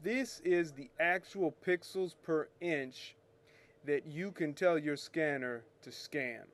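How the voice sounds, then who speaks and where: Slow-talking chatty man teaching. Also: fairly high pitch. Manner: chatty, rambling, self-correcting, jokey. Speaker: photo retouching show host. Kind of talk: casual screen-share tutorial.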